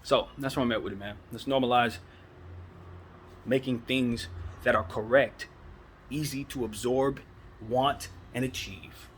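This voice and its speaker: A man hosting his own basketball talk, ranting in a fired-up, preachy way and firing off rhetorical questions. His voice sits at an ordinary middle pitch, with a faint hiss of noise behind him. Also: steady tone, a little slow, pauses often. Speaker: basketball commentary host. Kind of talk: casual opinion monologue.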